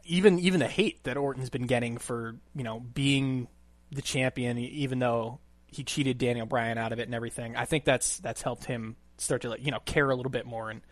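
A man co-hosting a casual wrestling podcast, talking in a relaxed, hesitant way. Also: medium pitch, a little fast, no echo. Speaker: podcast co-host.

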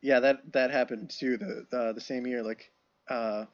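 A man's voice: mid-range voice, fairly even intonation, measured pace. A young man co-hosting a podcast in casual chat, chatty and adding wry asides to his friend's stories. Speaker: podcast co-host. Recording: dull lo-fi podcast audio.

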